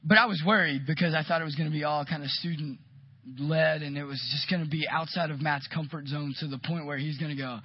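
A man preaching a sermon, telling a story with lively, animated delivery and acting out quotes. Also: a little high, a little fast, breathy edge, dry recording, dull audio. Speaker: pastor.

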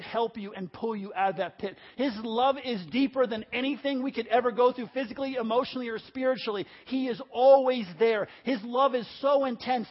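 A man preaching a sermon, emphatic and repetitive, calling on the congregation to answer back. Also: very high-pitched. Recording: dull lo-fi audio.

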